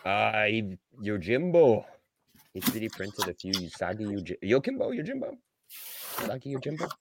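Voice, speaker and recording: A man co-hosts a casual podcast, getting excited easily and jumping high when thrilled. His pitch swings widely as he talks. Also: moderate pace, background noise. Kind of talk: casual chat.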